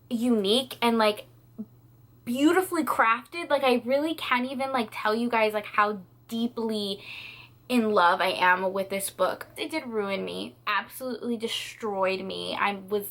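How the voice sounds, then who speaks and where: A woman's voice: medium pitch, measured pace, a bit bright. A young woman in a reading vlog, tearful and rambling, repeating herself and swearing as she talks about a book. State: tearful, crying. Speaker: book vlogger. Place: at home, indoors.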